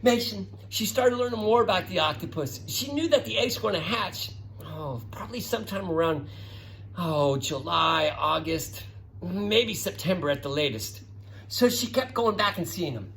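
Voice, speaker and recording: Excitable bright-voiced man telling kids stories. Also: high voice, moderate pace, creaky, a little hiss or hum, poor audio. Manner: excitable, calls each child by name. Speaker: presenter talking to children. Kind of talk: storytelling science talk for kids.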